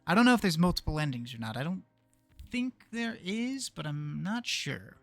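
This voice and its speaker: A man's voice: fairly high pitch, very animated, moderate pace, creaky, dry recording, faint music behind. A young man casually commenting while playing a puzzle game, thinking aloud and muttering to himself. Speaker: gaming video creator. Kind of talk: casual let's play commentary.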